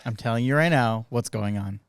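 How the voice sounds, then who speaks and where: A man co-hosting a comedy talk show, laughing often and chiming in with quick agreement. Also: medium pitch, clear, resonant tone, no echo, clean studio sound. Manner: laughs a lot, chimes in with short agreements. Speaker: co-host. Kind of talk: casual chat.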